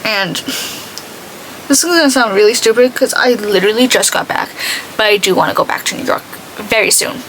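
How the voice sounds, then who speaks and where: A woman's voice: mid-range voice, fairly quick, long pauses, fairly bright tone, a little hiss or hum, poor audio. A young woman chatting casually while doing her makeup, rambling and full of "like". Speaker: beauty vlogger.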